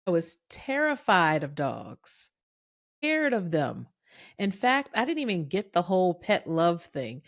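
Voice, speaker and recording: A woman hosting a podcast, telling a personal story in a chatty, animated way and acting out the quoted voices. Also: mid-range voice, dry recording, clean studio sound. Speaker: podcast host.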